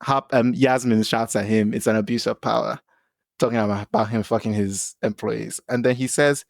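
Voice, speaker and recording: A man's voice: lowish voice, fairly even intonation, normal speed, vocal fry, no echo. A man co-hosting a podcast, chatting animatedly about a TV episode, often laughing and acting out quotes. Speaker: podcast co-host. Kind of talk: casual TV recap chat.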